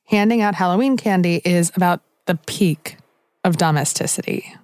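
A woman hosts a podcast in a chatty, playful manner. Her voice sits slightly low. The sound is close and dry. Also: normal speed, a little mellow, no echo. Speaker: podcast host. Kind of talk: conversational podcast narration.

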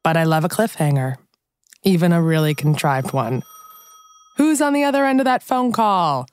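A woman's voice: sits low, lively intonation, normal speed, a little mellow. A woman podcast host narrating in a chatty way, with playful asides to the listener.

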